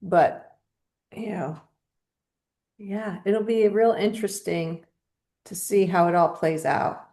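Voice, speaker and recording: A woman's voice: mid-range voice, takes it slowly, pauses often, mellow. A woman co-hosting a podcast from home in casual chat, emphatic and sarcastic, piling up lists of words. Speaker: podcast co-host.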